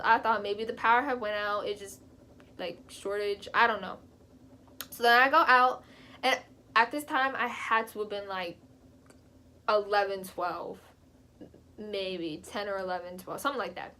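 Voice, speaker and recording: A young adult woman telling a personal story in a casual vlog, animated and chatty, leaping up in pitch when she quotes herself. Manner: animated, jumps high when quoting herself; chatty, frequent fillers. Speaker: vlogger.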